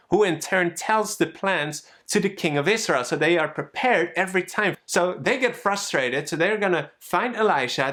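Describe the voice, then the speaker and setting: A man giving a conversational sermon, retelling a story in a lively, storytelling way. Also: on the high side. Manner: storytelling, animated, conversational preaching. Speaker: pastor.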